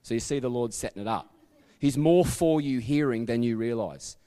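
A man's voice: mid-range voice, moderate pace, warm tone. Australian man preaching in a reverberant hall. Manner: chatty storytelling with asides and self-corrections. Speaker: pastor. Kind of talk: sermon. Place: church sanctuary.

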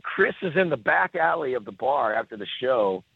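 Over what sounds like a tinny phone line, a middle-aged songwriter being interviewed on a podcast tells stories in a mid-range voice with vocal fry and a breathy edge. He moves at a moderate pace, and his animated delivery is full of repeats and restarts.

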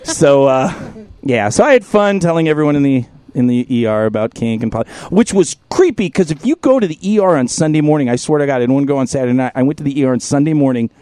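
A man's voice: medium pitch, fast, dry recording. A man hosting a podcast, telling a profane comedic story with lots of laughter, sore and tired from an injured rib. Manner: profane, animated, laughs through his story. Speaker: podcast host.

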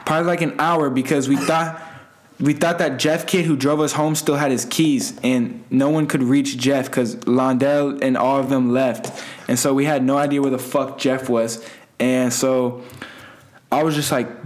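A man's voice: mid-range voice, steady tone, normal speed. A young man telling a rambling, profane party story in casual slang, laughing as he goes. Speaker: guest storyteller.

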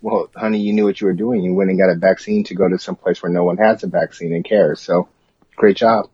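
A deadpan, dismissive man in comedic banter, with a low, husky voice. The recording is dull and muffled, and the sound is dry and close. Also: a little fast, no room sound. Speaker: co-host.

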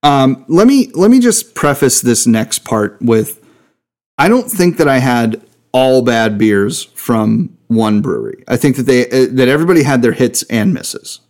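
A man's voice: mid-range voice, lively intonation, a little slow, a little mellow. A man co-hosting a podcast in casual chat, enthusiastic and swearing freely. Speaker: podcast co-host.

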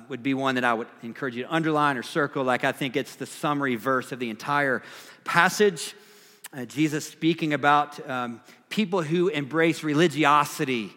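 A man's voice: mid-range voice, sharp tone. A man preaching a sermon and teaching through a Bible chapter in a casual, conversational way, with frequent fillers and repeated phrases. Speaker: pastor. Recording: long reverb, echoey hall.

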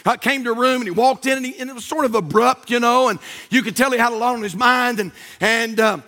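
A man's voice: extremely high pitch, steady tone, bright, forceful tone. A man preaching a sermon, fervent and emphatic, drawing out key words and quoting scripture. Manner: fervent, drawn-out emphatic delivery with Bible quotations.

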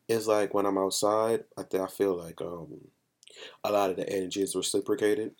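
A man's voice: low-pitched, steady tone, normal speed. A young man co-hosting a podcast in casual chat, frank and emphatic, often repeating himself. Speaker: podcast co-host.

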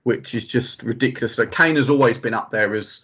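A man's voice: medium pitch, a little fast, a bit bright, husky. A man in a casual chat, peppering his talk with "like". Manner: chatty, lots of "like" fillers. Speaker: podcast co-host. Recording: dull lo-fi audio.

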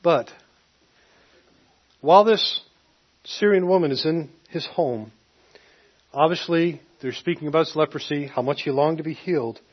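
A man's voice: fairly high pitch, moderate pace, pauses often, husky. A man preaching a sermon, retelling a scripture story casually and acting out the quotes. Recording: dull lo-fi recording.

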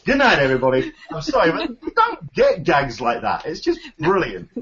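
A man's voice: a little high, huge pitch swings, moderate pace, a bit bright. A man hosting a podcast, chatting enthusiastically and rambling with lots of fillers. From United Kingdom. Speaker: podcast host. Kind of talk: casual chat. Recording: dull lo-fi recording.

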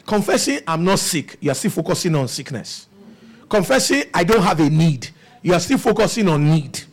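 A man's voice: fairly high pitch, animated, moderate pace. A man preaching a sermon, asking the congregation rhetorical questions.

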